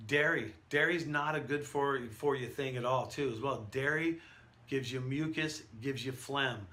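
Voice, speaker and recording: A man who works as a professional event announcer, giving an energetic, conversational lesson with stories from his career. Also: mid-range voice, moderate pace. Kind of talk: instructional talk to camera.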